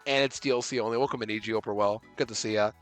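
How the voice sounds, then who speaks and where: A man streaming a video game live, chatting with his viewers and swinging from panicked outbursts to relaxed chatter. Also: fairly low pitch, very fast. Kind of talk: live gameplay commentary. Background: faint game music.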